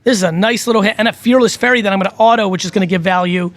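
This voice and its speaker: A middle-aged man, hosting a casual advice talk in a blunt, animated, profane way. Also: high-pitched, rapid-fire, no room sound. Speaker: host.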